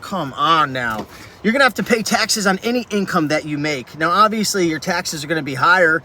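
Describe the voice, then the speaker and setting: A man's voice: sits high, quick pace, sharp tone. A man ranting passionately to camera about reselling, talking with many "like"s, recorded in a vehicle with faint traffic noise. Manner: fired-up, passionate rant with many "like"s. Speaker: reselling YouTuber. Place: inside a vehicle.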